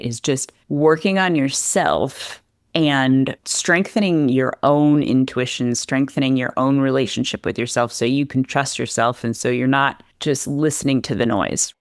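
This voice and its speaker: A woman's voice: very deep voice, dry recording, studio quality. A woman who trains horses, talking casually in an interview, telling stories and acting out the people she quotes. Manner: chatty, acts out quoted voices, laughs easily.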